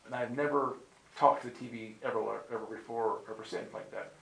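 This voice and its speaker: A man's voice: mid-range voice, brisk, creaky, fairly bright tone, low-quality recording. A man preaching and telling a personal testimony in a conversational way, acting out what people said and often checking in with "right?". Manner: dramatic, acts out the quoted lines. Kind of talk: sermon storytelling.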